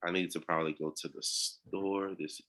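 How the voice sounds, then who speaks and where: A man talks over a video call in a relaxed, slangy way, circling back on himself with fillers and restarts. His voice sits low, with a bright, forward edge. It is easygoing, everyday chat. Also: normal speed. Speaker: coaching client.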